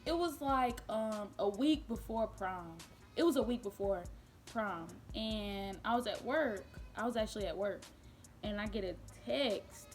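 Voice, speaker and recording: A young woman spins a casual storytime for her vlog in a chatty, animated way, full of fillers and quick laughs. Her voice sits at a middling pitch for a woman. Faint music plays behind her. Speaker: vlogger. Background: faint background music.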